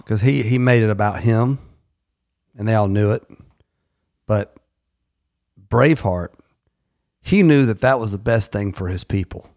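A man co-hosting a business podcast, explaining in a relaxed, storytelling way. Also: on the low side, a little slow, pauses often, no room sound, studio quality. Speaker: podcast co-host. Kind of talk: casual chat.

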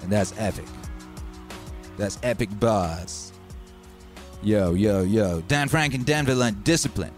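A man's voice: on the low side, slow pace, long pauses. A man, chatting loosely as a livestream DJ host and reading out viewer messages. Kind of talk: casual livestream chat. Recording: music playing faintly behind.

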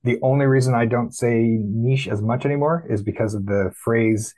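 A man's voice: mid-range voice, fairly even intonation, moderate pace, hardly any pauses, a little mellow, poor audio. A man interviewing a guest, giving brief affirming replies and wrapping up the conversation. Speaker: interviewer from podcast production company. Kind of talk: casual interview.

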